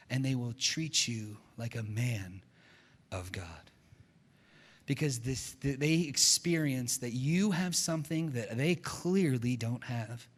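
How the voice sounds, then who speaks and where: A man preaching a sermon as pastor, telling a story with lively acted-out quotes. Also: mid-range voice, big-room sound. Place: church sanctuary.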